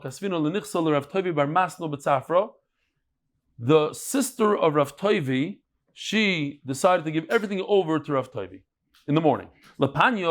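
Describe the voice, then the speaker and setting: A middle-aged man leads a lively Talmud class, telling stories and bantering with his students. His voice sits fairly high for a man. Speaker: Talmud teacher.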